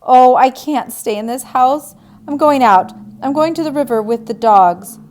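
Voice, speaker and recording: A woman voicing an upset young woman who is quick to anger, her voice pitched high and pleading. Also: darkish tone. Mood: agitated.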